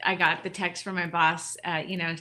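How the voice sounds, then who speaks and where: Bright-voiced, grateful woman telling a story. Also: lowish voice, flat delivery, normal speed. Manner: emotional, grateful, rambling with restarts. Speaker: podcast guest, ministry director. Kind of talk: heartfelt personal storytelling.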